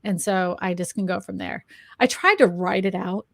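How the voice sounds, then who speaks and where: A woman co-host with a medium-pitched voice, talking in a chatty and self-deprecating way. She laughs easily as she talks. Her voice sits close and dry, with no room sound. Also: normal speed, creaky, no room sound. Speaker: co-host, real estate agent and YouTuber. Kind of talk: casual chat.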